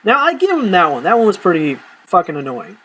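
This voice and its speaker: A man casually telling profane, animated stories from his life to camera, acting out the people in them. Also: high voice, brisk, low-quality recording.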